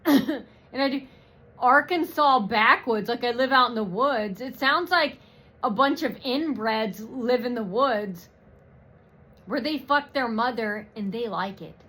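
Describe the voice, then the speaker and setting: A woman's voice: a little high, sharp tone. A woman vlogger in a rambling personal rant, profane and mocking, with many fillers.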